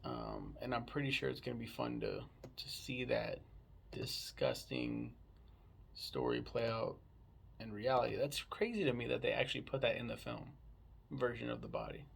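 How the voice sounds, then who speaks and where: A man's voice: mid-range voice, expressive, moderate pace, vocal fry, breathy edge. A man casually chatting about a book he read, rambling and swearing freely. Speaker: book reviewer. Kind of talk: casual book review chat.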